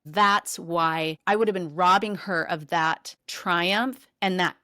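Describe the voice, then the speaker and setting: A woman co-hosting a podcast, telling a personal story in a lively, expressive conversational way. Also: lowish voice, slow pace, no echo, studio quality. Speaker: podcast co-host.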